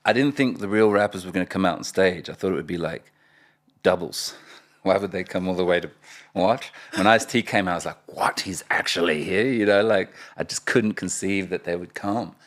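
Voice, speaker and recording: A man in his forties, a rapper guest in a casual interview, telling animated stories and laughing often. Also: deep voice, fairly quick. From Australia (Perth).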